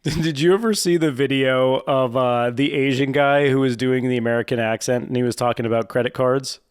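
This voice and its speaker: A man interviews his co-host on a relaxed podcast, his voice smooth and clear. He gets tangled in his questions and keeps restarting them. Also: medium pitch. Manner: halting, restarts questions, laughs easily.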